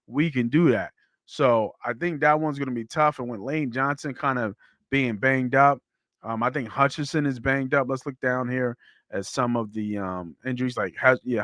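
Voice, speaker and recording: A man hosting a sports podcast, talking football in a blunt, animated way that swears freely. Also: medium pitch, no echo, studio quality. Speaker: podcast host. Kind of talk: casual sports talk.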